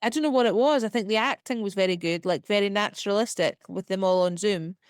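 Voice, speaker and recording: A young woman with a Scottish accent, a comedian talking chattily as a podcast guest, full of "like" and quick laughs. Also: medium pitch, no room sound, studio quality. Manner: chatty, filler-heavy, quick self-deprecating laughs. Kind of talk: casual podcast interview.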